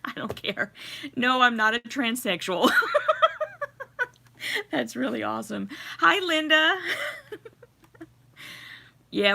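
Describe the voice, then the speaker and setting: A woman's voice: mid-range voice, vocal fry. A middle-aged woman hosting a casual livestream from home, laughing often as she greets viewers and reads their comments. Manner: giggly, chatty, warm greetings to viewers. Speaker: livestream host. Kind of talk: casual live chat reading comments. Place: home with a fireplace.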